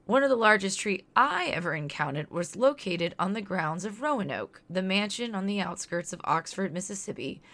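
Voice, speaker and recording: A woman's voice: lowish voice, fairly bright tone. A woman in her thirties from Louisiana, reading a scripted podcast segment in an earnest, outspoken and reflective way. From Louisiana, near New Orleans. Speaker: podcast host.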